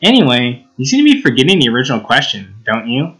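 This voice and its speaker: A man's voice: mid-range voice, huge pitch swings, fast, a bit bright, breathy edge, heavily acted. A man voicing a playful, mischievous teenage girl in a game read-through, with a teasing girlish tone.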